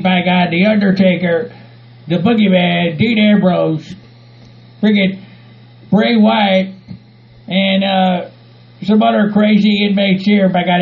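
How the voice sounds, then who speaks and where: A man's voice: high voice, gravelly. A man playing a rowdy hillbilly who rambles with a drawl and keeps saying "by God". He sounds like a lo-fi home recording. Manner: rambling, peppers talk with "by God", bursts into shouting.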